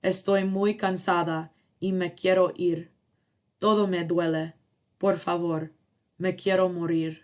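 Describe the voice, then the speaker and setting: A woman storyteller voicing a very old, tired woman in pain, speaking slowly and haltingly. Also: lowish voice, little pitch movement, natural voice. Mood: weary pleading. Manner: slow, halting speech.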